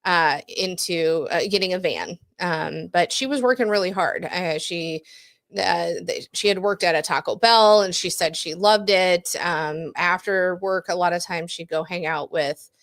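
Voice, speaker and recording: Chatting through a true-crime case on a podcast she co-hosts, this woman fills her talk with fillers, corrects herself, and laughs easily. Her voice is on the low side, a little slow and a bit bright, with no room sound.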